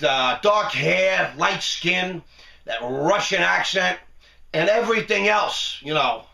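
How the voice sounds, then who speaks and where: A man's voice: high-pitched, gravelly, pushed and bright, recorded from a distance. Boastful joking man, echoey studio. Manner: boastful, joking, laughs at his own lines. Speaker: online show host. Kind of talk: casual monologue to camera. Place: television studio.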